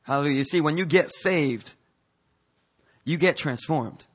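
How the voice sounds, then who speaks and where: Bright-voiced man preaching a sermon. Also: fairly high pitch, a little slow, slightly rough. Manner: energetic preaching with frequent hallelujahs; calls on the congregation to repeat after him. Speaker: pastor. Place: church service.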